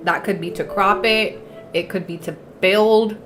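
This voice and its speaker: A woman's voice: mid-range voice, fairly even intonation, unhurried, soft background music. A woman hosting a casual livestream, talking chattily while eating and mixing Spanish words into her English. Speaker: livestream host. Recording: echoey room, faint noise.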